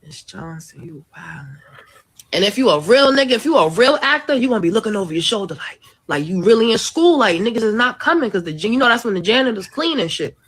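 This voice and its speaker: A woman's voice: on the high side, expressive, fast, hardly any pauses, fairly bright tone. Brash, profane woman telling a story. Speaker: social media content creator. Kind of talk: storytime monologue.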